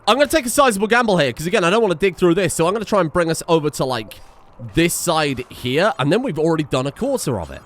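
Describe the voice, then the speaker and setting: A man's voice: on the high side, big pitch swings, fast talker. A man giving exasperated, swearing let's-play commentary on a survival game and talking to the characters on screen. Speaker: gaming video creator.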